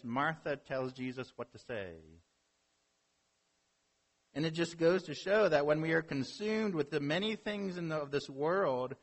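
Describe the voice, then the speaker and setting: A man's voice: on the high side, fairly bright tone. A man preaching a sermon as a pastor, earnest, with rhetorical questions and building emphasis.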